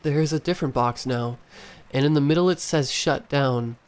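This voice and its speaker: Calm woman reporting strange things, man reading her lines, smooth, scary story. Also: medium pitch, normal speed, natural voice. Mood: steady. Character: adult woman, a spirit medium, calm and obedient.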